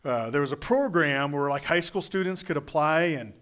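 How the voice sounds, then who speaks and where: A man from Kansas preaching a sermon in a conversational, animated way, often restarting and repeating words. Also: a little high, moderate pace. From Kansas, USA. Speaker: pastor.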